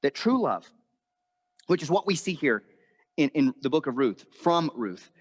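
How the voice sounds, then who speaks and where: A man with a fairly high voice preaches a sermon in a lively storytelling way, jumping his pitch up and down to play the people in the story. His voice rings on in a long hall reverb. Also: unhurried, long pauses, breathy edge. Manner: storytelling, acts out quoted voices with big pitch swings. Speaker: pastor. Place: church auditorium.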